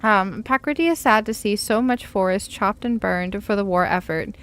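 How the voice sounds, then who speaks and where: Woman reading as a gentle third-person merchant. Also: medium pitch, normal speed, smooth, lightly acted. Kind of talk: reading a game letter aloud.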